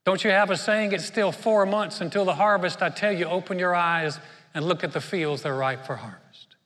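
A man's voice: sits high, moderate pace, a bit bright, big-room sound. A man preaching a sermon, telling a story in a conversational way with frequent restarts and repeated words. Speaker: pastor.

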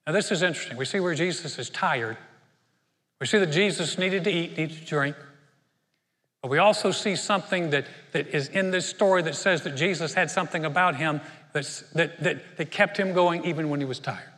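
A man's voice: on the high side, brisk, a bit bright, big-room sound. A man preaching a sermon, telling a story in a conversational way with frequent restarts and repeated words. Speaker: pastor.

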